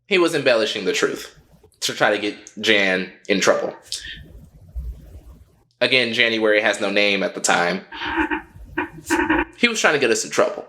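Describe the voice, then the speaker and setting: A man co-hosting a podcast, telling a story in a casual, profane and animated way. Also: mid-range voice, normal speed, long pauses. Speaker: podcast co-host.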